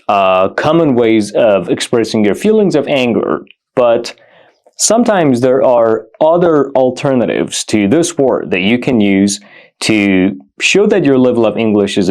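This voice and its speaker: A man teaching an English vocabulary lesson, repeating each example phrase slowly and deliberately. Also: medium pitch, a little mellow.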